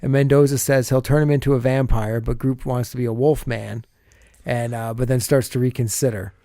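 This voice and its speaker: A man's voice: mid-range voice, steady tone, fairly quick, mellow, no room sound, clean studio sound. A man co-hosting a podcast, casually recapping a TV episode scene by scene and laughing often as he goes.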